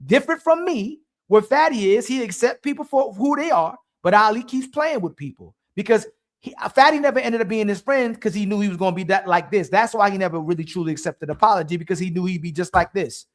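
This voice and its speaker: A man co-hosting a live stream, talking in a heated, rapid way and often repeating himself. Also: sits high. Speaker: stream co-host.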